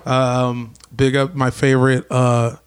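A man co-hosting a podcast, chatting casually about a basketball game, relaxed and joking. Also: medium pitch, slow, clear, resonant tone. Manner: relaxed, joking, laughs along. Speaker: podcast co-host.

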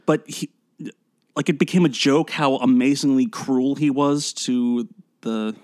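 A man's voice: medium pitch, fairly even intonation, unhurried, darkish tone, dry recording, studio quality. A man co-hosting a podcast and chatting casually with sardonic, wry humor. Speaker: podcast co-host. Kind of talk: casual chat.

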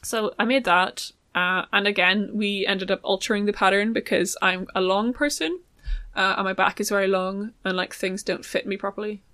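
A woman's voice: mid-range voice, normal speed, pushed and bright, no room sound. A young woman chatting casually about making her own clothes, rambling with many ums and likes. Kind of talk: casual chat.

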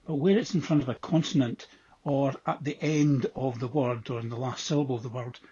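Husky Scottish man on a lo-fi message. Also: medium pitch, steady tone, warm tone. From Scotland. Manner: unhurried, with many ums and modest asides. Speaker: listener sending a voice message. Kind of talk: casual explanatory voice message.

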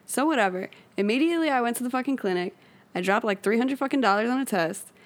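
A woman's voice: on the high side, fast talker. A young woman in casual podcast chat, telling a story full of swearing. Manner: animated, swearing heavily, laughing.

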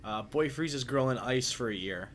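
A man's voice: mid-range voice, expressive, fairly bright tone, slight background noise. A man co-hosting a podcast, chatting casually and cracking jokes. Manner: joking, quick with wisecracks. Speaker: podcast co-host. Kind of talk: casual chat.

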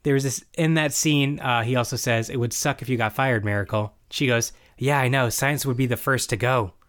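A man's voice: mid-range voice, a little fast. A man in casual chat, recapping a show's plot and acting out characters' lines as he goes. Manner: animated recapping, acts out quoted lines. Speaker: podcast co-host recapping a show.

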